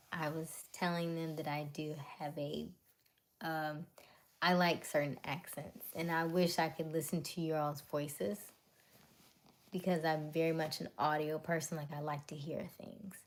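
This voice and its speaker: A woman hosts a relaxed livestream, talking to her viewers and answering their comments as they arrive. She speaks at an unhurried, slow pace, with a slightly low voice, and she laughs often. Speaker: livestream host. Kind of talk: casual live chat with viewers.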